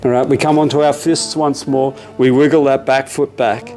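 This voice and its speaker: An Australian man leads a yoga class in a calm, steady voice of middle pitch. He talks the students through each pose with relaxed, casual asides, while soft music plays faintly behind him. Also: normal speed. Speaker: yoga teacher. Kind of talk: guided yoga class instruction. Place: yoga studio.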